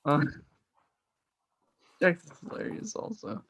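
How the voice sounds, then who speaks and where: A man's voice: sits high, extremely slow, creaky, a bit bright, slightly rough, dry recording. Enthusiastic, swearing man reviewing a movie. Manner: enthusiastic, swears often, loose rambling. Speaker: podcast co-host. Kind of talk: casual movie review chat.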